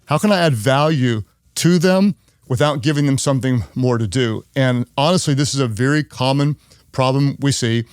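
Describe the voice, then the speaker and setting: A middle-aged man leads a leadership podcast as its host, with a voice of ordinary pitch for a man. He talks earnestly and says his key lines twice to drive them in. The sound is dry and close, with no room around it. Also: normal speed, clean tone, no echo. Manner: earnest, repeats key phrases for emphasis; acts out quoted people in higher voices. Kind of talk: leadership teaching talk.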